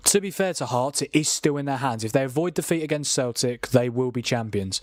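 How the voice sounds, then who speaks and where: Young man, live stream chat, excitable, mild swearing, dry close mic. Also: mid-range voice, fairly quick, few pauses, no echo. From England. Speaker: football watchalong streamer. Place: home room with windows, rain outside.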